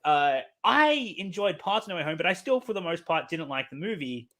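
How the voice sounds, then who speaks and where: A man's voice: fairly high pitch, sing-song, fairly quick, a bit bright. A man hosting a podcast, telling a story casually, with lots of swearing and animation. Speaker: podcast host.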